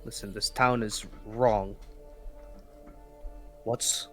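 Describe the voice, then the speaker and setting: A man's voice: on the low side, fairly even intonation, very slow, soft background music. A man playing a blunt, wary adventurer in a tabletop game, asking direct, pressing questions.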